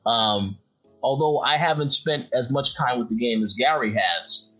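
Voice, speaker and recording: Husky man on a dull lo-fi line. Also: mid-range voice, measured pace, fairly bright tone, soft background music. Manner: stammers on repeated words, hedging. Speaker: podcast host. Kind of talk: casual podcast chat.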